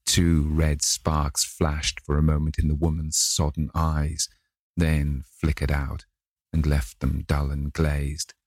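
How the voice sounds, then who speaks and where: Deep-voiced man reading a classic novel. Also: monotone, no room sound, studio quality. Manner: measured reading, gently voices each character. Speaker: audiobook narrator. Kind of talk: scripted narration of a classic novel.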